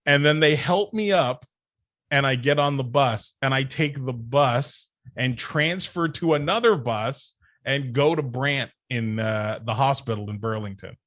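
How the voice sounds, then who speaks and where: A man of ordinary pitch talks as a guest on a podcast, recounting his past in an easy, casual way. He gets animated and laughs often while telling it. The sound is close and dry with no room around it. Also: measured pace, no echo. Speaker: podcast guest, wrestling manager. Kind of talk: casual storytelling chat.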